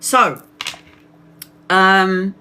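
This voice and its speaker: A Brazilian woman who reads tarot tells personal stories on a livestream, chatty and laughing often as she acts out other people's voices. Her medium-pitched voice is pushed and bright, with drawn-out words. There's slight background noise.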